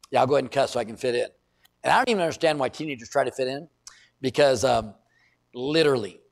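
A middle-aged male pastor preaching a sermon in a conversational way, building to emphatic bursts. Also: medium pitch.

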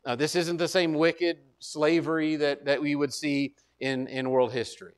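A man's voice: fairly high pitch, little pitch movement, moderate pace, clear, resonant tone. A male pastor preaching a conversational sermon, often repeating words and asking listeners whether they remember. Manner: conversational, repeats words, asks congregation to recall.

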